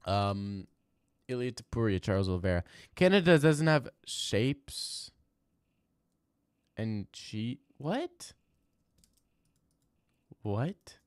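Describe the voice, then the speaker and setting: A young man streaming live, reading chat and answering in loud, mock-outraged rants. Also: mid-range voice, no room sound, studio quality.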